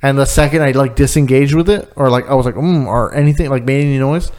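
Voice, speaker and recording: A man in casual conversation, telling stories and swearing freely. His voice sits at an ordinary mid pitch, and he acts out quotes as he goes. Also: fast, darkish tone. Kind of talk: casual chat.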